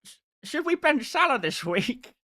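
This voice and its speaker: A high, nagging, whiny fan voice, pleading and dithering over every small choice, put on by a man. The tone is pushed well up and sits a bit louder than his own talk. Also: big pitch swings, a little slow, heavily acted. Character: whiny, needy adult male fantasy-football fan.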